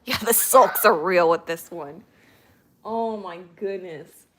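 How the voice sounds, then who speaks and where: A woman's voice: on the low side, takes it slowly. A woman hosting a casual livestream at home, chatting to viewers and talking fondly to her dogs. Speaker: livestream host.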